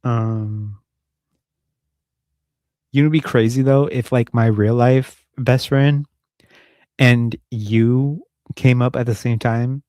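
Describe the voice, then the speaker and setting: A man's voice: mid-range voice, fairly even intonation, takes it slowly, pauses often, mellow, no room sound, clean studio sound. A man hosting a casual live stream from home, rambling, swearing and joking with his audience. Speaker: livestream host.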